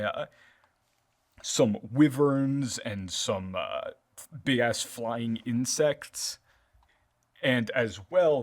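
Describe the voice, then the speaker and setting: Rambling man running a tabletop game. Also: on the low side. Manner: loose, rambling description with many fillers. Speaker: game master.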